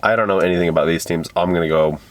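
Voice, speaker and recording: A man's voice: low voice, racing, slight background noise. A man co-hosting a podcast, joking around and running himself down in casual sports chat. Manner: jokey, self-deprecating, animated. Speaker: podcast co-host.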